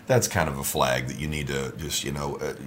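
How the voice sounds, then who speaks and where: A man co-hosting a relaxed talk on relationships, who laughs often and gets animated when he retells a quarrel. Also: extremely low pitch, a little fast, slight background noise. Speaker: ministry co-host. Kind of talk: casual conversation about marriage.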